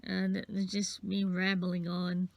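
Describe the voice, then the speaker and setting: Slow, gravelly woman rambling through a craft. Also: on the low side, completely flat delivery, no echo. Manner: rambling, self-interrupting, counting beads aloud. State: sniffly. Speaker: craft vlogger. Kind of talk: casual craft tutorial.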